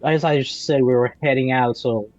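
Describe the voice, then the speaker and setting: A man's voice: medium pitch, steady tone, darkish tone, dry recording. Male player, stammers, dry dull mic, faint music under, tabletop game session. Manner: stammering, halting. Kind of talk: tabletop role-play banter.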